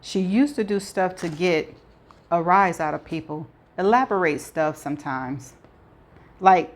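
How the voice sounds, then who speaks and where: Woman voicing a shaken young woman, halting, self-correcting, lower voice, audiobook. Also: close to an everyday voice.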